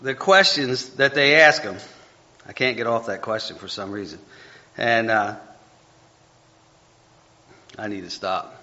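A man's voice: lowish voice, a little slow, long pauses, pushed and bright. A man leading an informal Bible study, rambling and correcting himself as he stumbles over hard names. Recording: dull lo-fi recording.

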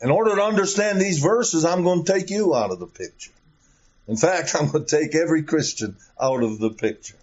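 Slow emphatic preacher guy, kinda high voice, lots of rhetorical questions, muffled lo-fi tape. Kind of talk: sermon. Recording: dull lo-fi recording.

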